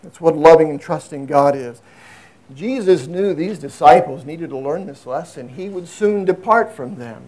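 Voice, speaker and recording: A man preaching a sermon in an earnest way, swinging from emphatic raised passages to low, quiet asides. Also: animated, normal speed. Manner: earnest, rises to emphatic high peaks then drops low and quiet.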